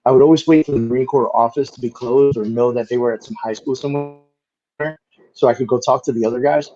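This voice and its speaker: A man of medium pitch tells stories in a relaxed, lively interview style. He swears casually and leans on "like" as a filler. The audio is a bit dull and lo-fi. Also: fast talker, soft background music. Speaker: interview guest.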